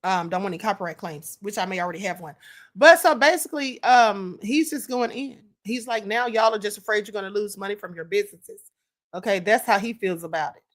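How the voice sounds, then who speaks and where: A woman's voice: medium pitch, brisk. A woman hosting a live stream, giving casual opinionated commentary on clips and reading viewer comments aloud.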